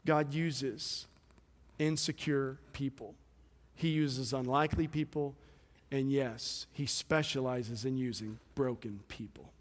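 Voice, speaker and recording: A man preaching a sermon as pastor, with passionate delivery that swings between loud emphasis and quiet, hushed moments. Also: medium pitch, fairly even intonation, slow. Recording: long hall reverb.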